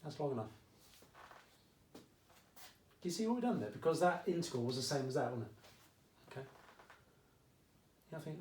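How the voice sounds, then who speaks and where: Chatty Essex maths teacher, echoey room. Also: male voice, on the high side, very animated, moderate pace, long pauses, a little mellow, recorded from a distance, slight background noise. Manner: chatty and jokey, keeps checking in with "okay?". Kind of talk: casual video lesson. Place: at home during lockdown. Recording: echoey room, mic set back.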